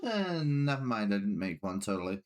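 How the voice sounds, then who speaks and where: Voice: deep voice, sing-song, brisk. A player at a tabletop game who rambles while laying out plans at length. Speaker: player, rogue.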